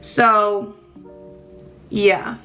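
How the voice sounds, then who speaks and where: Young woman doing a grwm vlog, super chatty, lots of likes and swearing, bright voice. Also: mid-range voice, little pitch movement, very slow, faint music behind. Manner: chatty, profane, frequent likes. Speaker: vlogger. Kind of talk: casual get-ready-with-me chat.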